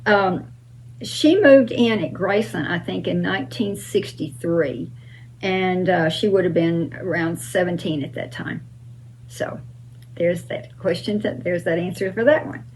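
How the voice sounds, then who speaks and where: A woman's voice: on the low side, unhurried, slight background noise, rough recording. An older woman hosting her own channel, answering fan questions in an emphatic, casual way with frequent uh and um.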